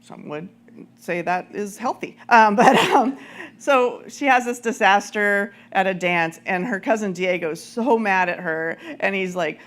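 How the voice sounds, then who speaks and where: A woman minister giving a conversational, animated sermon with frequent laughter, then leading a prayer. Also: medium pitch, unhurried.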